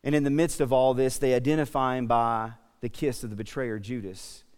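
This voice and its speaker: This pastor's voice is mid-range, steady, brisk and clean with a darkish tone. His sermon blends storytelling and jokes at his own expense with sincere urging of the congregation. It echoes through a church sanctuary with long hall reverb.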